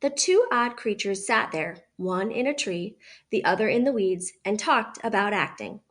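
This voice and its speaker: A woman teacher reading a children's novel aloud with expressive narration. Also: medium pitch, normal speed.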